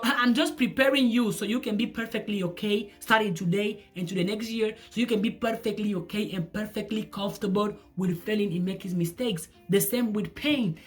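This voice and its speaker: A woman speaking as a life coach in an emphatic, repetitive motivational talk, with non-native English phrasing. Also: on the high side.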